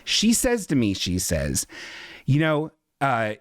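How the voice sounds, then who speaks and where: Lively, sarcastic man telling a story. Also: medium pitch, slow, dry recording, clean studio sound. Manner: sarcastic, self-mocking, animated. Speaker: podcast host. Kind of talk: comedic storytelling.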